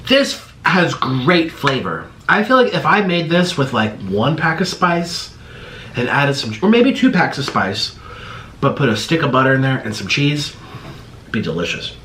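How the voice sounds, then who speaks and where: A man hosting a mukbang eating vlog, talking to camera in a halting, strained way, his mouth numb and stinging from the spice. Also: medium pitch, sing-song, sharp tone, reverberant, a little hiss or hum. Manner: strained, halting talk while suffering from spicy food. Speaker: mukbang host.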